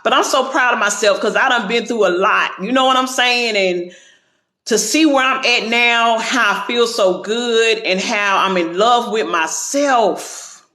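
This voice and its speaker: Chatty, high-voiced man going live. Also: unhurried, pushed and bright, reverberant. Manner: chatty and encouraging, addresses viewers as y'all; sprinkles talk with faith and praise. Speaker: livestream host. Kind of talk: casual livestream talk to viewers. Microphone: phone, going live.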